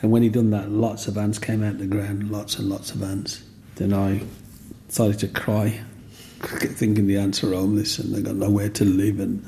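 Older man, gravelly and warm, animated storyteller, faint room ambience behind. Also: on the low side, slight background noise. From Black Country, England. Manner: lively, acts out voices in his stories. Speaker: interviewee.

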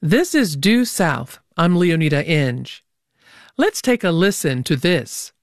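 A woman's voice: low voice, big pitch swings, slow, dry recording. A woman hosting a public radio interview show in a studio, teasing her guests in a playful way.

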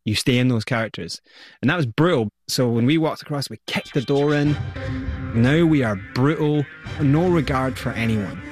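A man's voice: mid-range voice, moderate pace, music in the background. A man with a Scottish accent, a guest in an interview, telling his story with energy and acting out what people said. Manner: energetic, vivid storyteller who acts out quotes.

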